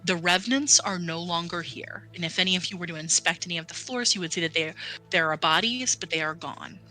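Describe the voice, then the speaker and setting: Bright-voiced man narrating as dungeon master. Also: sits high, a little fast, low-quality recording. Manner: hesitant, with many fillers. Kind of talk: narrating a tabletop game.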